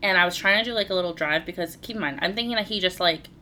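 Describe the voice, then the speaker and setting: Animated storytelling woman, lower voice. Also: very fast, a little hiss or hum. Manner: animated, swearing, laughing while telling a story. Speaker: podcast co-host. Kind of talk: casual storytelling chat.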